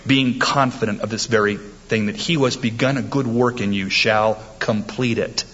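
A man preaching with a husky, slightly breathy voice, pressing his points home emphatically and lifting his voice as he quotes scripture. The sound is dull and lo-fi, like an old church tape. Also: lowish voice, fairly even intonation, normal speed, a bit bright. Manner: emphatic preaching, quoting scripture with rising force. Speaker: pastor. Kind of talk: sermon.

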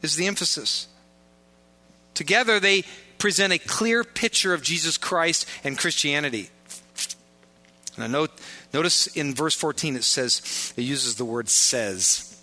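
A man's voice: a little high, a little slow, long pauses, sharp tone. A man preaching a sermon as pastor, joking and informal in asides, pressing his points with emphatic repetition.

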